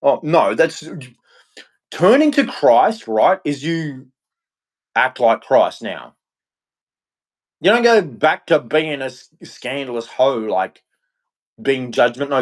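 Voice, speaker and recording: A man ranting on his own, heated and profane, turning preachy at times and swinging between shouting and muttering. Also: medium pitch. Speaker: vlogger. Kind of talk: angry solo rant.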